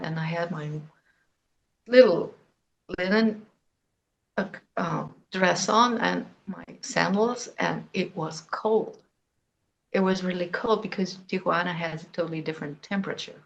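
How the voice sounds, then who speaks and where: Halting woman guest. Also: lowish voice, vocal fry, dull audio. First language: German. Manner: halting, hesitant, with many fillers. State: nervous, emotionally shaken. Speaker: interview guest. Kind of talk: personal testimony.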